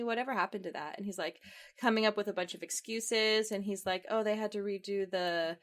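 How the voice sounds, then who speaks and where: Young woman, podcast co-host, chatty film recap, animated storytelling, mid-pitched voice. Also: fairly quick. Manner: animated storytelling, acting out quoted lines. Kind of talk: casual chat recapping a film.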